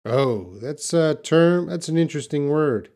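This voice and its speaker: A man teaching English on a live stream, reading out viewers' questions and explaining words slowly and patiently. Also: a little high, lively intonation, mellow. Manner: slow, patient, drawn-out explanations; reads viewer questions aloud. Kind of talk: live-stream English class answering chat.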